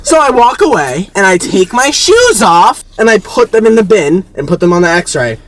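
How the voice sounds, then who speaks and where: A young man telling an exasperated, animated story in a casual, swearing way. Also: high voice, normal speed, a crowd in the background, poor audio. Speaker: storyteller in reacted video.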